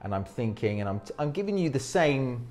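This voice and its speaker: A man's voice: medium pitch, very animated, a little fast, a little mellow. A man giving presentation advice in an interview as a speaking coach. He talks energetically, often restarting his sentences, and demonstrates techniques as he goes.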